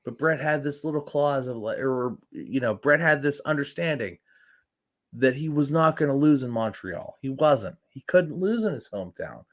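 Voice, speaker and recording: A man chats casually on a wrestling podcast, circling his points with lots of "like" and restarts. His voice sits at an ordinary middle pitch. He sounds loose and conversational. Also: expressive, moderate pace. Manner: rambling, heavy use of "like", acts out quotes. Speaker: podcast co-host.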